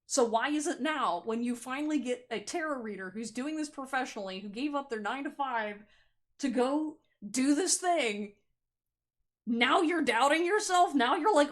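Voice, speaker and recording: Lively, blunt woman giving a tarot reading. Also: sits high, normal speed. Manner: animated, blunt and playful, often laughing. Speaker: tarot reader. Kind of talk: pick-a-card tarot reading to camera.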